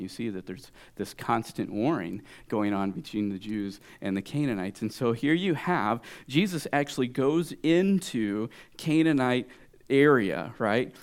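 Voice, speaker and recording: A man preaching a sermon who keeps checking in with the congregation and drops to hushed whispers for emphasis. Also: on the low side. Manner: swings from loud exclamations to hushed whispers for emphasis. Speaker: pastor.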